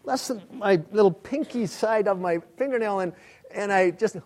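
A middle-aged man preaching a sermon, telling a story in an animated, self-mocking way. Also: sits high, moderate pace. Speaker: pastor.

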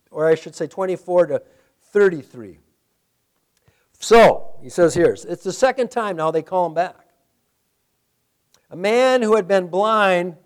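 A male pastor preaching a sermon, animated, with sarcastic asides and laughter. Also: sits high.

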